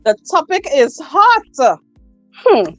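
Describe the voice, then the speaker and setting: A woman's voice: high-pitched, sing-song, no echo, soft background music, low-quality recording. A woman hosting a casual livestream, reading out viewer comments, repeating herself and laughing often. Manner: slow, repetitive, laughs often. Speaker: livestream host. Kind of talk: casual live chat. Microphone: phone.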